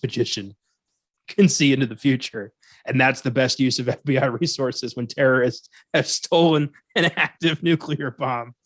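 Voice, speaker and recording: A man's voice: mid-range voice, a bit bright, no echo, clean studio sound. A man co-hosting a casual movie review podcast, sarcastic and laughing often, swearing freely. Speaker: podcast co-host.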